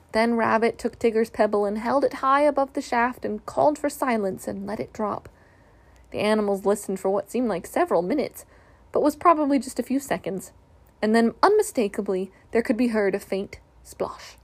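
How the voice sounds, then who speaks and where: A woman narrating a children's storybook in a gentle, measured reading. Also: mid-range voice.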